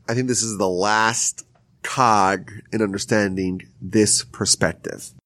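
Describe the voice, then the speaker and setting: A man teaching a Talmud lesson, retelling the sages' story in a lively, storytelling way. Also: dry recording. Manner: lively storytelling, rises high when telling the story. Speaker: Torah teacher. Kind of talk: explaining Talmud stories.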